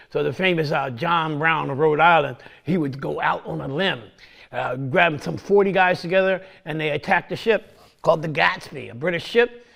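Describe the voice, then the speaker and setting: An American man gives a lively, conversational history talk, acting out each side and often checking in with "right?". His voice is slightly high for a man and carries a gravelly edge. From United States. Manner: conversational, acts out both sides with quoted voices, says "right?" often. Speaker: history presenter.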